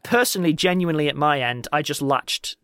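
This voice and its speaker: Animated, teasing man on a podcast. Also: on the high side, clean tone, dry recording, studio quality. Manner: animated, teasing, quick to laugh. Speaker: podcast co-host. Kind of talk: casual podcast Q&A chat.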